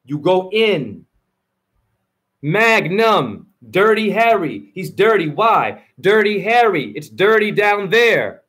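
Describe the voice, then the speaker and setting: A man's voice: high-pitched, sing-song, takes it slowly, fairly bright tone, husky. A man hosting his own video channel, delivering a rambling spoken-word freestyle monologue full of rhyming free-association wordplay and preachy advice.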